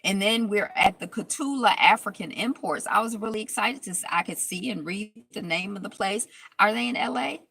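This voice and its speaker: Gravelly, bright-voiced woman recapping TV. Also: mid-range voice, brisk, low-quality recording. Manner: rambling, many fillers and restarts. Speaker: reality TV recap vlogger. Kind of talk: casual recap chat.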